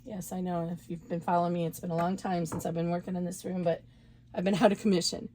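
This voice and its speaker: A woman's voice: on the low side, level tone, fast, dark tone, slight background noise. A woman giving a casual, chatty sewing tutorial, talking through each step as she works and correcting herself along the way. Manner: chatty, self-correcting, talks while working. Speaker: embroidery instructor.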